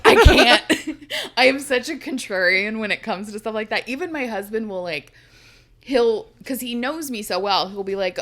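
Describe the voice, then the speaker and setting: A woman's voice: mid-range voice, fairly bright tone. A woman co-hosting a podcast in casual chat, laughing often and swearing freely. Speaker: podcast co-host.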